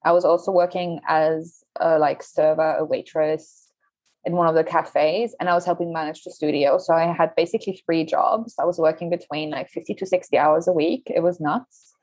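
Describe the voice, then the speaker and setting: A woman's voice: sits low, fairly even intonation, normal speed, a little mellow, no room sound. A young woman, a yoga teacher and wellness coach, telling her story as a podcast guest with lots of "like" fillers. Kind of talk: casual podcast interview. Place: Revelstoke, Canada.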